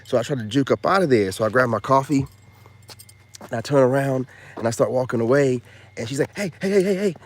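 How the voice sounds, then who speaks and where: A man vlogging a casual story in a rambling, slangy way, dropping loud boasts and then hushed asides, full of filler phrases. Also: mid-range voice, steady tone, brisk, pauses often.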